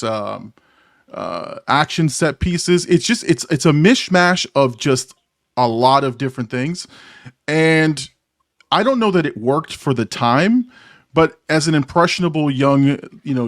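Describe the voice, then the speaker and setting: A man's voice: medium pitch, dry recording. Dry-sounding chatty man, host. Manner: rambling, self-deprecating, laughs often. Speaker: podcast host. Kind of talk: casual movie chat.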